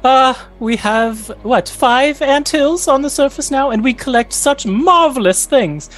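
A man voicing a vain, grand female ant queen in a high, gushing voice with trilling laughs. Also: a little slow, fairly bright tone, soft background music. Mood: boastful.

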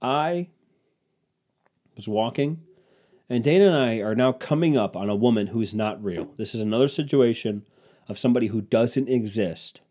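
A man's voice: medium pitch, normal speed, dark tone. A young man hosting a solo podcast, telling comedic stories in a rambling, crude, self-mocking way. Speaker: podcast host.

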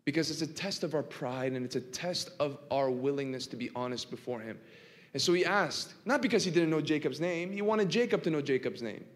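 A man preaching a sermon in a church, swinging from hushed to impassioned and asking the congregation rhetorical questions. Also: on the high side, expressive, fairly quick. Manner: dramatic, swinging from quiet to impassioned. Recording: long reverb of a large hall.

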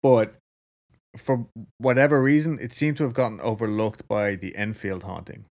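A man's voice: lowish voice, fairly even intonation, normal speed, a little mellow. A man co-hosting a podcast, telling a story in casual chat, laid-back and swearing freely. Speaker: podcast co-host.

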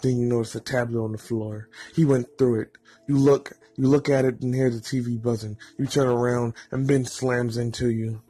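A man narrating a fan story in a plain, steady reading voice. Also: medium pitch, moderate pace, husky, soft background music.

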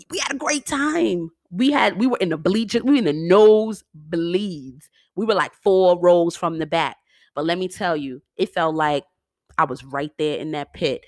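Woman, lower-pitched, dry sound, casual chat, laughs a lot. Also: dry recording. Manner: animated, chatty, laughs often, slangy. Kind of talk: casual monologue.

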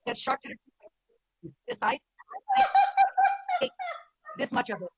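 A woman co-hosting a podcast, telling a rambling, animated story in casual chat. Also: extremely high pitch, a little slow, creaky, no echo, low-quality recording. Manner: animated, rambling storyteller who laughs a lot. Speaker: podcast co-host.

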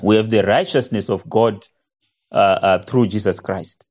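Slow-paced man teaching a Bible study. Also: fairly low pitch, a little mellow, highs cut off. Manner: slow, with frequent "isn't it?" tags and fillers; reads scripture aloud with rising emphasis.

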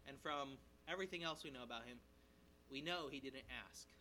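A male pastor preaching an expository sermon in a conversational, animated way, checking in with his listeners and briefly acting out the characters' lines. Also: mid-range voice, slight background noise, rough recording. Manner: animated, voices the characters' lines in quick asides. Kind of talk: sermon, expository Bible teaching.

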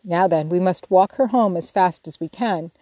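A woman's voice: fairly low pitch, moderate pace, mellow, no room sound, lightly acted. A woman reading the part of a teenage boy who takes charge, urgent and commanding. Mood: brisk.

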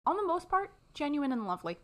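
A woman's voice: high voice, big pitch swings, fast talker, a bit bright. A young adult woman co-hosting a podcast in casual chat, laughing often and acting out movie lines. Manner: giggly, acts out movie quotes. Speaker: podcast co-host.

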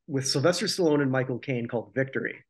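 A podcast co-host with a mid-range voice talks at a quick clip, rambling and joking through a casual chat about old TV. He keeps restarting his sentences and correcting himself as he goes.

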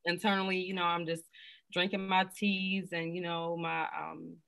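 A woman's voice: on the low side, flat delivery, normal speed, creaky, a bit bright. A woman guest on a podcast, talking frankly and plainly in casual chat. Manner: frank, down-to-earth.

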